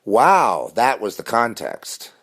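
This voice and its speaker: Low-voiced man, intense rambling monologue, repeats himself and restarts a lot. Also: wildly swooping pitch, slow, a bit bright, husky. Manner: intense, insistent.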